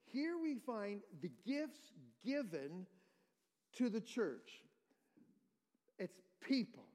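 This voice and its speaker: Pastor, male, high voice, teaching sermon with questions to the pews, long church reverb. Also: a little mellow. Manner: explains verse by verse, quizzes the congregation. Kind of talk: expository sermon.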